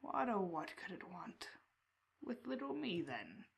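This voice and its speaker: A woman voicing a chained bird-headed man, slow and raspy, in a whispered role-play. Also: medium pitch, very animated. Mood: creepy whisper. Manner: hushed, drawn-out, sinister musing.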